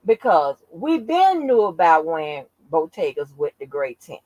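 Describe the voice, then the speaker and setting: A woman hosting her own channel, telling a story in casual chat, animated and profane, acting out what people said. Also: sits low, normal speed, few pauses, dry recording, poor audio. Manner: animated, profane, acts out quotes. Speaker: channel host.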